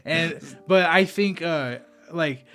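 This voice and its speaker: A man's voice: on the high side, slow pace, a bit bright, soft background music. A man hosting a podcast, talking in a loose, rambling, reflective way. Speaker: podcast host. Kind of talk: casual chat.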